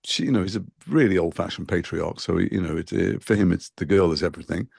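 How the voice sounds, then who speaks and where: Fast-talking gravelly low-voiced man. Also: darkish tone, no room sound, clean studio sound. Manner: talks fast with frequent restarts and fillers. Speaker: actor interviewed as guest. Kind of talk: conversational interview.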